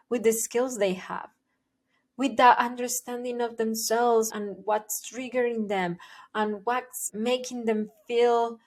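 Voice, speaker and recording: A woman working as a parenting educator, explaining her ideas to the camera in an earnest, emphatic way and repeating her key points. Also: on the high side. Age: adult, parent of young children.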